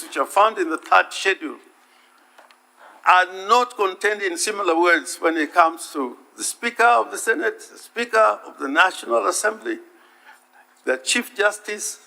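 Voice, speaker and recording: A man giving a formal legal submission to a senate, deliberate and emphatic, stressing and repeating key words. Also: high voice, creaky, sharp tone. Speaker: counsel addressing the Senate. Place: legislative chamber.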